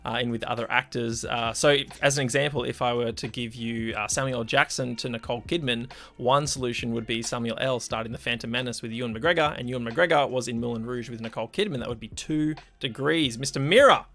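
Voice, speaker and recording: An upbeat man hosts a casual live-streamed movie chat. His voice is bright and forceful, and he rolls through the show intro like an announcer. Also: mid-range voice, steady tone, quick pace, creaky, few pauses. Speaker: podcast host.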